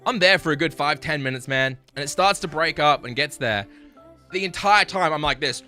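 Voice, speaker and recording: An Australian man telling an animated, crude, self-mocking story to his livestream chat. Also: fairly high pitch, moderate pace, faint music behind. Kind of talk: casual storytelling to stream chat.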